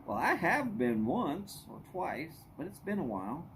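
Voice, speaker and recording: A man's voice: on the high side, big pitch swings, unhurried, fairly bright tone, slight background noise. A middle-aged man hosting a live stream, chatting casually and telling rambling jokes and stories. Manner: rambling, joking storyteller.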